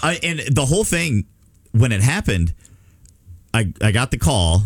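A man's voice: mid-range voice, a little slow, no echo. A middle-aged man hosting a radio show, telling a story in casual chat. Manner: storytelling, animated retelling. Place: radio studio.

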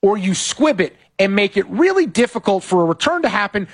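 A man's voice: sits high, brisk, husky. A man hosting a sports betting podcast, recapping football games and sharply criticizing coaching decisions. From West Coast of the United States. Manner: animated, opinionated, critical of coaching.

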